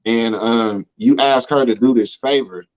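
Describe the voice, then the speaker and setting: American man, mid-pitched voice, slangy storytelling, dull lo-fi recording. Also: measured pace. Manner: loose and slangy, full of "you know what I'm saying" asides. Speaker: interview guest. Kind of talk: casual storytelling chat.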